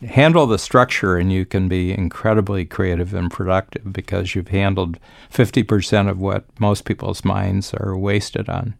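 A man's voice: low-pitched, steady tone, normal speed, gravelly, dry recording. An older man, a business coach, talking confidently on a podcast and spinning long reflective stories. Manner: confident, storytelling, speaks in long reflective sentences. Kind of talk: conversational podcast talk.

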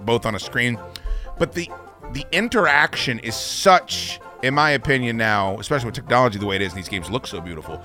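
Animated, bright-voiced male radio host. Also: mid-range voice. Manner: animated, profane, rambling. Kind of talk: casual radio talk.

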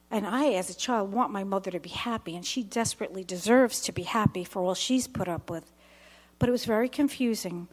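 A middle-aged woman giving an earnest personal testimony at a dinner event, slowing down and dropping to a whisper at intense moments. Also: medium pitch, a little mellow, husky.

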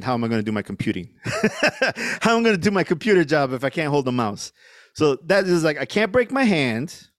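A man's voice: fairly high pitch, no echo, studio quality. A middle-aged man, a podcast guest, telling a story casually with lots of fillers and swearing. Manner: rambling, profane, lots of fillers.

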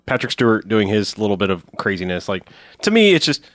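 A man hosting a casual movie podcast who talks quickly in a lowish voice. His delivery is offhand and relaxed. The mic is close and dry. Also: no echo. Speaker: podcast host. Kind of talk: casual movie-review chat.

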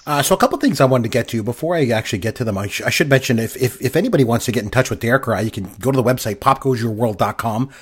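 Middle-aged Canadian podcast co-host, husky and fast-talking, an excitable rambler. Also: male voice, mid-range voice. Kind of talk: casual chat.

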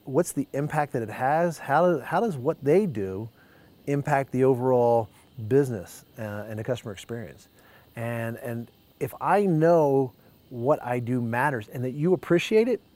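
A man's voice: medium pitch, animated, normal speed, a little mellow. A man speaking as a panel guest, punchy and emphatic. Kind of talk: casual panel talk.

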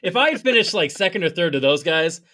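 A male comedian guest calling in from home, joking darkly at his own expense. His voice is a bit high and bright with a sharp edge, and he sounds casual throughout. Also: lively intonation, fast talker. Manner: self-deprecating, dark jokes. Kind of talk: casual chat. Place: at home on a video call.

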